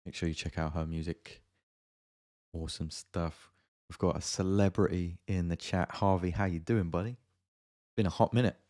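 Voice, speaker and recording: A man with a low voice hosts a casual livestream from his home studio. He talks in a loose, friendly way and greets viewers one by one as they join. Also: moderate pace, pauses often. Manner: relaxed, chatty, greets viewers by name. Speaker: music producer hosting a livestream. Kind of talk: casual live-stream chat.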